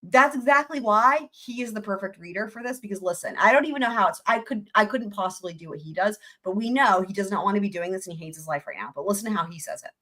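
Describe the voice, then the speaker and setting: Casting note: chatty female stream host, mid-pitched, animated and quick to laugh. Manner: very expressive, chatty, laughs often. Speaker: livestream host. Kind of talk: casual live trial commentary.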